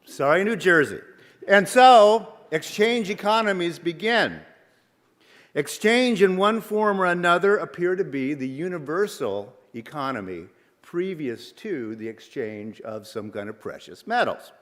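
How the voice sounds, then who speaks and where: A male minister giving a sermon in a measured, reflective way, posing questions to the congregation. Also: high voice, animated, a bit bright. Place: church sanctuary. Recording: long reverb of a large sanctuary.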